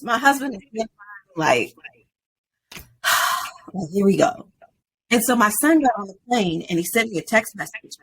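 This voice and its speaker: A woman in her forties, a podcast guest, telling a personal story in an animated way. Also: a little high, measured pace, vocal fry, pauses often, breathy edge. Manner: animated storyteller, acts out quoted voices.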